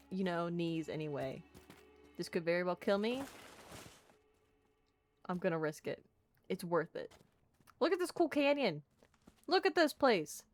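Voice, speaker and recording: A woman's voice: fairly low pitch, darkish tone. A woman streamer giving playful gaming commentary, bubbly and jokey, chatting to the characters on screen. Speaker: let's play streamer.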